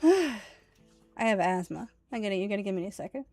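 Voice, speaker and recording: A woman's voice: medium pitch, expressive, fairly quick, a little mellow, soft background music. Chatty woman streaming a game. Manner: chatty, laughs often, reads game lines aloud. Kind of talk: casual gaming stream chat.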